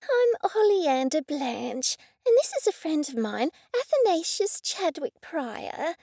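A woman's voice: high voice, big pitch swings, slow pace, mellow, no echo, studio quality, voice pushed up, full character voice. A woman voicing a poised, prim older woman from a retirement home who speaks in a knowing way.

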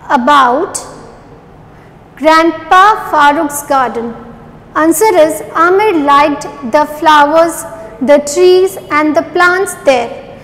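A woman's voice: very high voice, big-room sound, poor audio. A woman teacher revising a lesson with young children, spelling words out letter by letter and repeating each answer. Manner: asks questions then repeats the answers.

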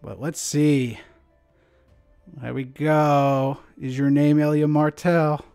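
A man's voice: on the high side, steady tone, slow pace, gravelly, a little mellow, clear, resonant tone, soft background music. A man hosting a livestream in casual chat, laid-back and rambling, often laughing. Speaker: stream host.

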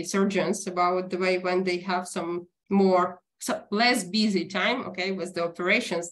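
A woman whose first language is Ukrainian, from Ukraine, giving an online lecture in a halting way with many fillers and self-corrections. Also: medium pitch. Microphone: video call.

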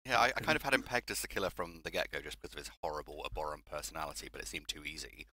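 A British man with a very low voice talks as a guest on a casual podcast. He is wry and understated, letting his thoughts spill out in long, easygoing run-on stretches. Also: racing, bright, forceful tone, no room sound. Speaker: guest author.

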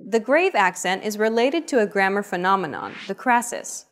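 A woman narrating a lesson, explaining grammar points in an even, scripted way. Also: medium pitch, normal speed, faint music behind.

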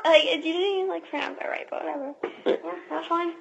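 High-voiced woman teasing, critical. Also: steady tone, a little fast, vocal fry, background noise. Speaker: family member teasing the reader. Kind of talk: casual chat.

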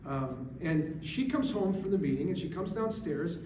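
A middle-aged man speaking to a gathering, an animated storyteller who drives his points home with emphatic rhetorical questions. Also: sits high, moderate pace. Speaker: guest speaker. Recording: echoey room, distant mic, faint hiss.

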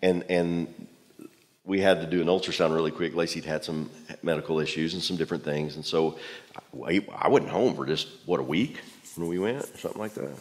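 Preacher guy, 40s, animated self-deprecating storytelling, long church hall reverb. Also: sits low, fairly quick. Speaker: pastor. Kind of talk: sermon storytelling. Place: church auditorium.

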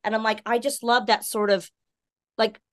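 A woman's voice: a little high, level tone, normal speed. A woman who grew up in Texas and North Carolina, co-hosting a casual video-call chat in a bubbly, gushing way. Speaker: co-host.

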